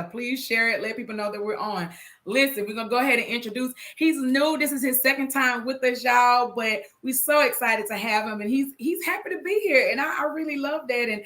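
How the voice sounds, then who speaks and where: A woman hosting a live-stream chat show, chatty and lively with frequent laughter. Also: a little high. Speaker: host.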